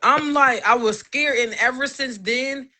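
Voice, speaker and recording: In a relaxed podcast conversation, a woman in her thirties shares a personal faith testimony. Her high-pitched voice is bright and forward, and she speaks at a measured pace. She tells the story with animation, slipping into the voices of the people she quotes.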